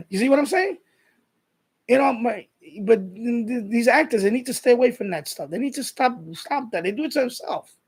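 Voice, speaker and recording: Live stream host, New man, husky, profane and combative, casual rant. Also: very high-pitched, animated, normal speed. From New York. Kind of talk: casual ranting monologue.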